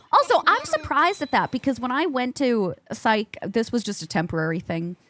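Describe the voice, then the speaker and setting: A woman streamer chatting casually, reading and answering her chat aloud and jumping high in pitch when excited. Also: normal speed, few pauses, a little hiss or hum.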